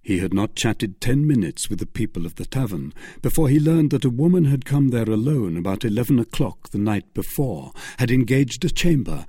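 An audiobook narrator reads a classic adventure novel from a script, with measured, expressive phrasing. His husky voice has a lively pitch range, and the recording is close and dry, with no room sound.

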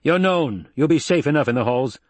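A man's voice: a little high, lively intonation, a little fast, dry recording, voice pushed up. A man doing a sneering Sardaukar officer. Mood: curt, commanding. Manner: sneering, curt. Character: brutal, poised male Sardaukar officer. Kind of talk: audiobook narration.

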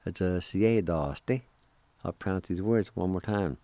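A man hosting a radio language lesson, spelling words letter by letter and repeating each pronunciation slowly. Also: low-pitched, warm tone, no echo. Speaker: radio host teaching Cherokee words.

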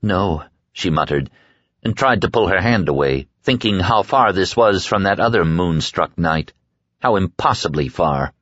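A male audiobook narrator with a very deep, low voice, reading in a measured and steady way. The recording is dull and lo-fi, completely dry with no room sound, and it stays close to the mic. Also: no room sound. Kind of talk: scripted narration.

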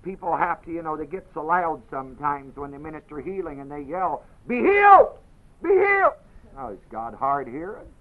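A man preaching a sermon, moving from quiet explanation to loud, dramatic quoting of scripture. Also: fairly high pitch, a little fast, few pauses. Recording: dull lo-fi audio.

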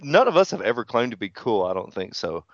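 Guy wrestler co-hosting a podcast, swears a lot, lively voice, kinda muffled lo-fi sound. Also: mid-range voice, fairly quick, no room sound. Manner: profane, joking, storytelling. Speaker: podcast co-host, pro wrestler. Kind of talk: casual chat. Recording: dull lo-fi sound.

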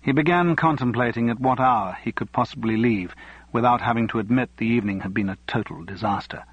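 A man reading a novel aloud as narrator, in a measured, even way. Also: medium pitch, husky, dry recording, lo-fi sound. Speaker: audiobook narrator. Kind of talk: scripted narration.

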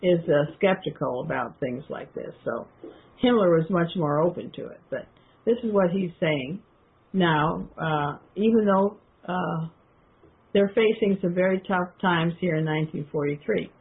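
A woman hosting a radio show, reading aloud from a historical speech and commenting on it in a halting way, with many ums and restarts. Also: on the low side. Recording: tinny phone-like audio.

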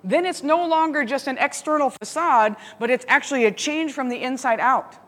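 A woman teaching a Bible study, telling a story with lively laughs and asides. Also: sits high, moderate pace. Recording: long hall reverb.

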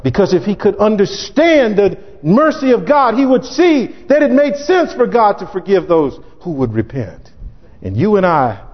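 High-voiced preacher in an echoey hall. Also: male voice, very animated, moderate pace. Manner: emphatic, acts out scripture in character voices, sometimes shouting. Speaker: pastor. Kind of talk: sermon. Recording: dull lo-fi recording in echoey hall.

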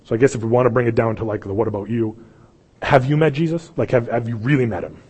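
Male pastor, impassioned sermon delivery, husky, long hall echo. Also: medium pitch, very fast. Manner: impassioned, swings from loud pleading to hushed. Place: church sanctuary.

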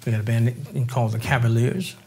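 A husky older man from New Orleans, Louisiana, appears as a guest drummer in a casual interview, telling stories quickly at a medium pitch. He's an animated storyteller who acts out quoted voices and laughs often.

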